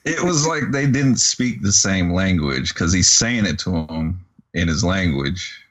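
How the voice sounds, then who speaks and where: A man's voice: low-pitched, lively intonation, unhurried, a bit bright, lo-fi sound. A man co-hosting a podcast, chatting casually about a movie and chiming in with short prompts and remarks. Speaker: podcast co-host.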